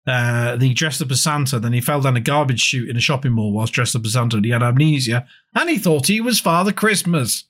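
A man's voice: mid-range voice, expressive, fairly quick, few pauses, fairly bright tone. Sweary rambling podcast co-host man. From England. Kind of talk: casual chat.

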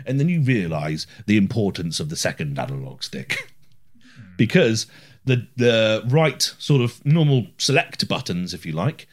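A man's voice: lowish voice, big pitch swings, a little slow. A man co-hosting a casual chat about retro video games, joking and laughing often as he talks. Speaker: podcast co-host.

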